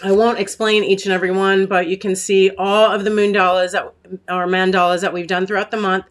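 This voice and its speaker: An American woman chats briskly on her casual live craft stream, reading viewer comments and offering warm asides with lots of fillers. Her pitch is medium and her tone level, and a catch in her throat has her clearing it often.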